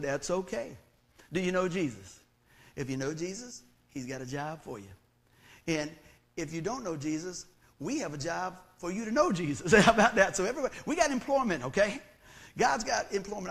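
Male pastor, middle-aged, high-pitched, animated sermon with acted-out quotes. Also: vocal fry. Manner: animated storytelling, acting out quoted voices.

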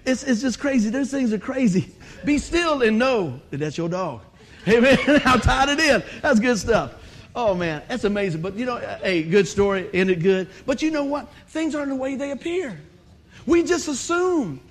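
A man's voice: very high voice, animated, normal speed. A male pastor, telling a funny story in a sermon, laughing often and acting out the voices.

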